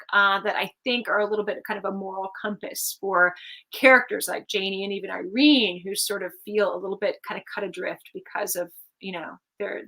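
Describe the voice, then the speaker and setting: A woman's voice: mid-range voice, sharp tone, low-quality recording. A woman author talking about her book on a video call, chatty and full of fillers and restarts. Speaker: author guest.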